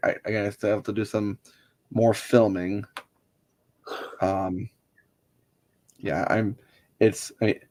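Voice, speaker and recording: A man co-hosting a casual livestream, earnest and halting, often restarting his sentences. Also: lowish voice, a little mellow. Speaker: livestream co-host.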